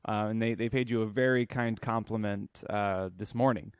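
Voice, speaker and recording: A podcast co-host chats casually, telling a rambling story and laughing often. His voice is lowish with fairly even intonation at a moderate pace, and the tone is clean, with no room sound in a clean studio recording.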